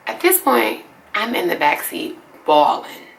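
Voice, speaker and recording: A woman in her twenties from Atlanta telling a personal story to camera in a casual, animated way, often calling her viewers "y'all". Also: mid-range voice, creaky.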